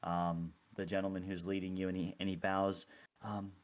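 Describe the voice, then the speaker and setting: Hesitant low-voiced man running a game. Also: flat delivery, moderate pace. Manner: hesitant, many restarts, laughs easily. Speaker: game master. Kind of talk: narrating a tabletop game.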